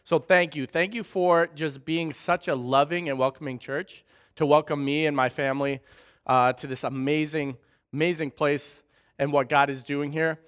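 A man's voice: on the high side, steady tone, normal speed, fairly bright tone, clean tone. A man in his thirties from southern Wisconsin with a light Wisconsin accent, giving a friendly, humorous church talk with personal stories. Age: 30s. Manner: friendly, humorous, chatty storytelling. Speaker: guest speaker at a church. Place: church sanctuary.

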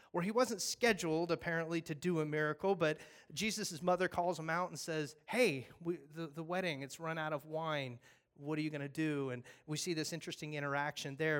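A male pastor gives a casual, conversational sermon, recapping scripture with jokey asides and animated storytelling in which he acts out voices. His voice is on the high side and sounds clean.

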